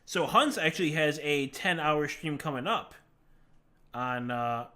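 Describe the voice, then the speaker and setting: A man streams live and talks casually, rambling from one thought to the next and laughing easily. His voice sits a little high for a man, with a bright, sharp edge. He answers his chat as he goes. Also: animated, measured pace. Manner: rambling, chatty, laughs often; answers chat questions as he plays.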